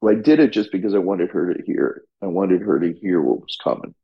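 This low-pitched, fairly quick voice belongs to a middle-aged firefighter-paramedic being interviewed, with the high frequencies cut off. He recounts his experiences bluntly and crudely, cursing often and starting sentences over.

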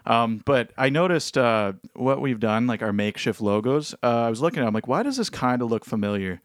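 A man's voice: mid-range voice, animated, fairly quick, no echo. Rambling man, dry close mic. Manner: rambling, frequent fillers and restarts. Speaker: podcast co-host. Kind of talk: casual chat. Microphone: headphones and studio mic.

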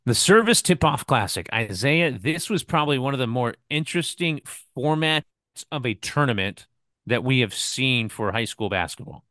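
A man's voice: mid-range voice, animated, moderate pace, fairly bright tone, dry recording, studio quality. A man co-hosting a sports podcast, recapping scores in an easygoing way and turning to his co-host with questions. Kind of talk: casual sports talk.

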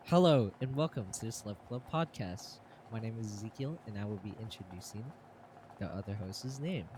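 A man's voice: on the low side, animated, brisk, noisy background. A young man hosting a casual podcast, giggling and restarting his introduction. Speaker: podcast host.

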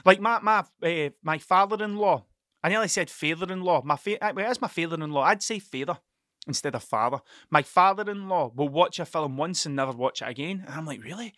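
A man's voice: a little high, fast, pushed and bright, no room sound, studio quality. A man hosting a podcast, rambling through a casual monologue, swearing freely and stumbling over his words. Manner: rambling, sweary, stuttering storyteller. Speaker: podcast host.

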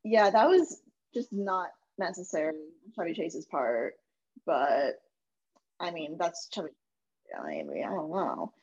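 A woman's voice: sits low, sing-song, unhurried, darkish tone, slightly rough. Chatty woman, slightly dull lo-fi sound. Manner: chatty, giggly, mimics her own reactions. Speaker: podcast co-host. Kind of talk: casual chat reviewing a comedy show.

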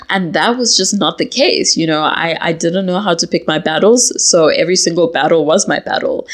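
A young woman hosting a casual solo podcast, talking candidly and mocking herself, laughing often. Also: sits low. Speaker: podcast host.

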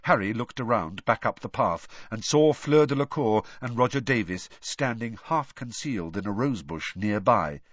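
A male audiobook narrator with a lively, rising-and-falling delivery that gives each scene shape. His voice sits in a middle range, and the recording is dry and slightly dull, with no room sound. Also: lowish voice, moderate pace, hardly any pauses, dry recording. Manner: expressive, varied storytelling delivery.

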